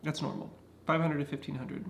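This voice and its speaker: A man's voice: a little high, fairly quick, vocal fry, a bit bright, slight background noise. A man talking casually to his camera at home, explaining things earnestly with frequent restarts. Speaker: vlogger. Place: indoors at home.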